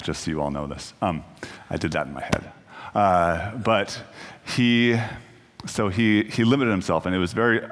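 Deep-voiced man preaching in a reverberant church. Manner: conversational, self-deprecating, many restarts. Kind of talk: casual sermon. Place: church sanctuary.

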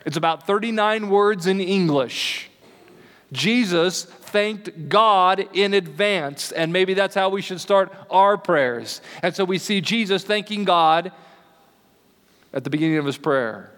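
A man's voice: sits high, fairly bright tone. Man preaching in a reverberant hall. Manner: conversational preaching, slows for emphasis. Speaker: pastor. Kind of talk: sermon.

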